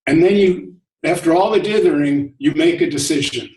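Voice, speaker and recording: A man's voice: on the high side, normal speed, a little hiss or hum. Male host, easy storytelling talk, chuckles, recorded with room echo from a distance. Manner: relaxed storytelling, chuckles often. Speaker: host of an online discussion. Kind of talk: casual spiritual talk. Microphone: video call. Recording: echoey room, distant from mic.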